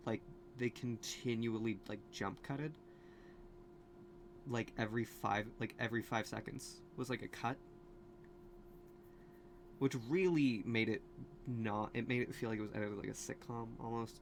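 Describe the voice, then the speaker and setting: A man hosting a casual video commentary, rambling with many fillers, asides and restarts. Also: medium pitch. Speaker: video host.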